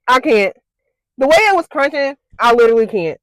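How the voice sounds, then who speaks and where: A woman's voice: high-pitched, very animated, brisk, no echo. A young woman vlogging to camera, panicky and squealing, with nervous laughs and plenty of "like" and "y'all". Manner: says "like" and "y'all" a lot. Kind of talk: casual to-camera vlog.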